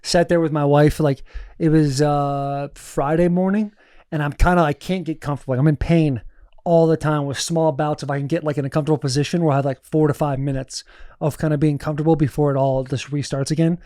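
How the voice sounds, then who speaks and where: A man in his thirties with a slightly high voice shares a story on a studio podcast. He swears freely and keeps the telling animated. The recording is dry and close. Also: brisk, no echo. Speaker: podcast co-host, former football player. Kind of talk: casual chat.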